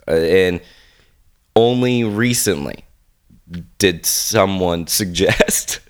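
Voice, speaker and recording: A man hosting a podcast in casual chat, under the weather and coughing, animated and jokey. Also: low voice, very slow, clean tone. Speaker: podcast host.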